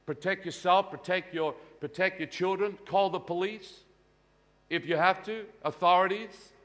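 A pastor preaching a sermon, swinging between hushed lows and shouted peaks. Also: male voice, normal speed, big-room sound.

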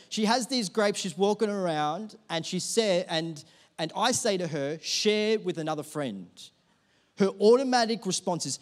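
Emphatic preaching man, higher voice. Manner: emphatic, repeats key phrases with rising force. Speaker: pastor. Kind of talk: sermon. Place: church auditorium.

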